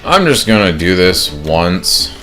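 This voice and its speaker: A man's voice: low voice, very animated, slow, bright, forceful tone, soft background music. A man hosting a let's play, talking casually and self-deprecatingly as he plays. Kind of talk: gameplay commentary.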